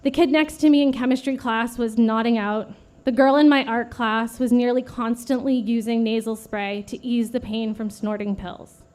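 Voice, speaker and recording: A woman in her late thirties giving an earnest prepared memorial speech at a vigil, steady and read from a script. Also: fairly high pitch, moderate pace, few pauses. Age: late 30s. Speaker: vigil speaker.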